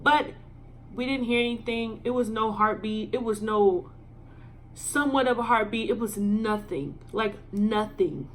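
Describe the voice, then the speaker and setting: Woman telling a halting story. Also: on the high side, a little hiss or hum. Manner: halting and filler-heavy, emotional. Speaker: vlogger. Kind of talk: storytime vlog.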